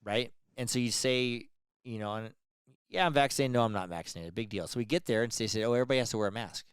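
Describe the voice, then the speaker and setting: A middle-aged man co-hosting a casual chat, telling animated stories and acting out what people said, laughing often. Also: mid-range voice, fast talker, clear, resonant tone, no room sound. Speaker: podcast co-host.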